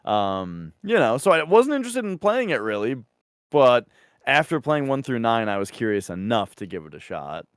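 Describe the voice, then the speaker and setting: A man co-hosting a podcast in casual chat, rambling with lots of fillers and animated asides. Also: mid-range voice, normal speed, clear, resonant tone, dry recording, clean studio sound. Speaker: podcast co-host.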